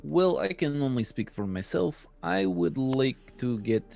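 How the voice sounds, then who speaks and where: A man speaks slowly and deliberately as a tabletop game player, his pitch moving up and down as he plans. Faint music plays beneath the call. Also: very animated, vocal fry, a little mellow. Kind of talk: casual tabletop game talk.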